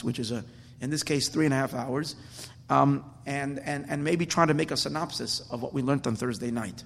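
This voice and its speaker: A man's voice: medium pitch, fairly quick, creaky. A man teaching a Torah class as a rabbi, enthusiastic and rambling with frequent restarts. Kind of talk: religious lecture. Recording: long hall reverb.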